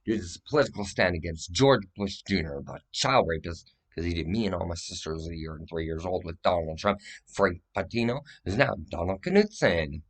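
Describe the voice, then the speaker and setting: A man's voice: low-pitched, animated, brisk. A man giving a rambling, profane, agitated monologue that jumps from claim to claim.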